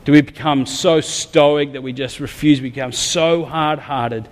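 A man's voice: on the high side, steady tone, measured pace. An Australian man preaching a sermon, talking candidly and conversationally with some humor. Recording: long reverb of a large hall.

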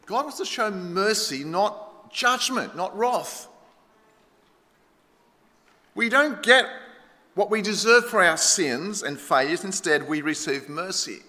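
A middle-aged Australian man preaching a sermon in a church, emphatic, swinging between loud stresses and hushed lines. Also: high-pitched, expressive, slow, pauses often. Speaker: pastor. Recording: reverberant church hall.

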